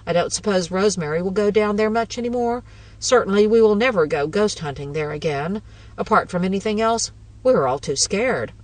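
A woman narrating a first-person ghost story in a measured, wry way. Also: medium pitch, expressive, a little mellow, dry recording, recorded from a distance, low-quality recording.

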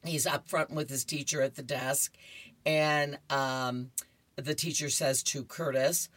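A woman's voice: extremely low pitch, steady tone, slow, dry recording. A woman radio reader describing newspaper comics, chatty, with laughing asides between panels.

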